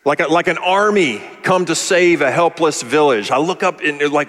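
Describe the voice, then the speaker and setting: A man's voice: on the high side, normal speed, fairly bright tone, long reverb tail. A male pastor preaching a sermon in a conversational, thinking-aloud way, sometimes repeating words as he goes.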